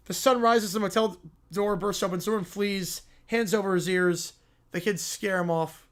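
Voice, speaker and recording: Dude on a livestream reading a silly story, casual and offhand. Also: male voice, sits high, steady tone, normal speed. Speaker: livestream host.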